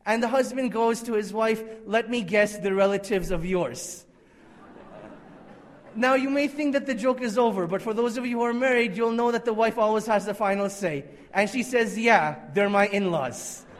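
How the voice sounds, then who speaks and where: A man's voice: very high voice, long reverb tail. A man giving an Islamic conference lecture, emphatic and repetitive, with Arabic religious phrases woven in. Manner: emphatic, repeats key phrases for effect.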